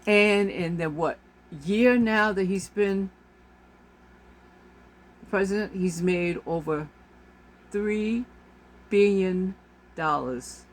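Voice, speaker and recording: Sex: woman. Role: vlogger. Style: ranting monologue. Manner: exasperated, repetitive. Pitch: middle. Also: very slow, long pauses.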